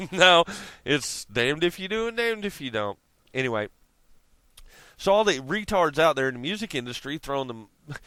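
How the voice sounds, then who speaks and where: A man's voice: fairly high pitch, sharp tone, clean tone, no room sound. A man ranting casually to his viewers, profane and rambling, laughing often. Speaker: vlogger. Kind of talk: casual rant to camera.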